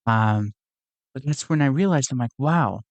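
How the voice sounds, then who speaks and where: A man's voice: mid-range voice, lively intonation, moderate pace, no echo. A young man hosting his own podcast, talking through his thoughts in a casual, earnest, rambling way, with frequent fillers and restarts. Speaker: podcast host. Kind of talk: casual reflective monologue.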